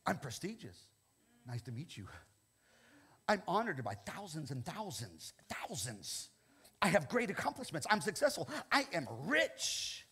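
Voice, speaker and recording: A man's voice: on the high side, wildly swooping pitch, a little slow, pushed and bright, husky, full character voice. A man voicing a proud, indignant army commander who boasts and demands to be greeted. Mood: haughty boastful.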